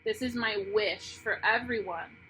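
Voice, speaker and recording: Slow, bright-voiced woman tarot reader. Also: medium pitch, faint music behind, low-quality recording. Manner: earnest and heartfelt, pausing and restarting, moved to emotion. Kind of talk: intuitive tarot reading to camera.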